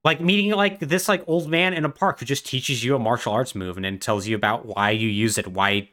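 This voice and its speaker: A man co-hosting a podcast, retelling a game's story in animated, casual chat full of "like". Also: medium pitch, a little fast. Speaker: podcast co-host.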